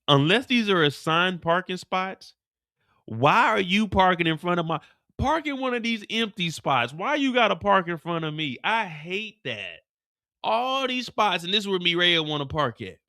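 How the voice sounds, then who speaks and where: A man hosting a live recap show, retelling scenes in an animated, profane, comedic way on a streaming mic. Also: high voice, moderate pace, no room sound, clean studio sound. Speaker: host.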